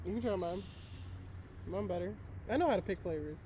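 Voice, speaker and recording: A woman's voice: fairly low pitch, a little fast, warm tone, slight background noise. A young woman co-hosting a casual podcast, teasing and laughing often. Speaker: podcast co-host. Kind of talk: casual chat.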